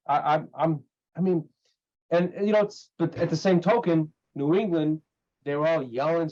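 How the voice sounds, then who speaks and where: A man's voice: on the high side, a little mellow. A man co-hosting a casual sports betting chat, heated and profane as he rambles through his point. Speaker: podcast co-host. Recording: dull lo-fi sound.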